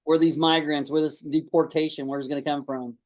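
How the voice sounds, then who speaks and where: A man's voice: fairly high pitch, level tone, a little fast. A man co-hosting a casual talk show, speaking in short, emphatic bursts and reading out viewer comments.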